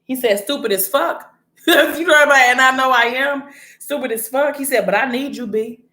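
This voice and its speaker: A woman casually recapping a story in blunt, animated, slang-heavy chat. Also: high voice, a little fast. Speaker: vlogger recapping a TV series. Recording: echoey room.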